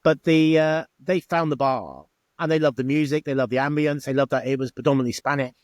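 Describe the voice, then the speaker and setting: In an interview, a middle-aged Englishman who used to own a bar tells chatty stories, acting out the exchanges he quotes. He talks briskly at a medium pitch, and the recording has no echo.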